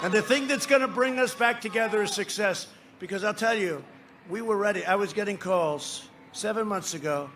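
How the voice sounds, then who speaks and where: A man's voice: high voice, moderate pace, fairly bright tone, slight background noise. A man giving a campaign rally speech, boastful and rambling, bantering with the crowd from the stage. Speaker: political speaker at a rally. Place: outdoor rally before a large crowd.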